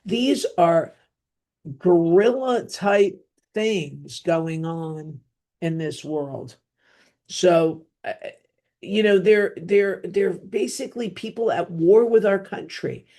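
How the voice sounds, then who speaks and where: A woman's voice: on the low side, slow pace, dark tone. A middle-aged woman with a New Jersey accent hosting a solo podcast, talking bluntly and rambling, with offhand asides and plenty of fillers. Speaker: podcast host. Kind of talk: opinionated solo podcast monologue.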